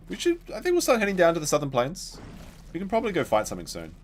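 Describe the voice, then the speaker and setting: A man's voice: on the high side, huge pitch swings, very fast, slight background noise. A man streaming a dinosaur game, rambling casually to his chat while he plays. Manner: rambling, chatty, talks to chat while playing. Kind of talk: casual gameplay commentary.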